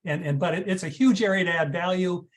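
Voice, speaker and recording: Man, guest expert, hesitant, restarts, somewhat high pitch, video call. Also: quick pace. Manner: hesitant, lots of restarts and uh's. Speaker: guest advisor. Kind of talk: casual expert answers.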